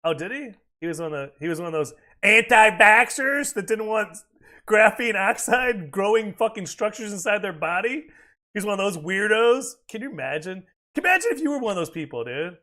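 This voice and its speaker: A man's voice: high voice, expressive, a little fast, pushed and bright. A man chatting casually and profanely while streaming a video game, rambling between reactions to play. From United States. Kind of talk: casual chat while gaming.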